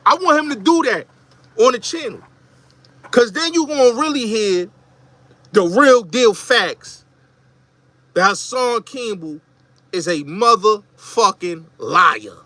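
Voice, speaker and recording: A middle-aged Bronx man with a New York accent hosts a show, delivering a heated, emphatic, repetitive commentary monologue. His high voice is expressive and slow, broken by long pauses, bright and forceful, with no echo.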